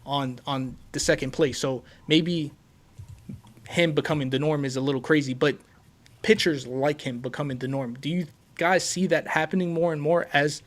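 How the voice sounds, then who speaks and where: A higher-voiced man from Puerto Rico hosts a casual sports podcast, talking at an ordinary speed. He gets excited, tripping over words, repeating them, and relying on fillers throughout.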